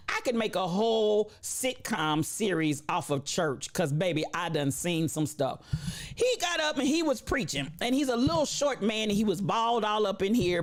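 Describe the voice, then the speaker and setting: A woman host telling a funny story in a casual, animated way, often laughing and talking to her chat. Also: medium pitch. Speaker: livestream host.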